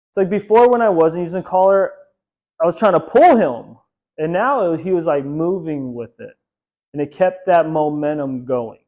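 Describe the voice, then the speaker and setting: A man's voice: fairly high pitch, a little mellow. A man teaching a dog training lesson in a casual, chatty way, laughing often and using many fillers.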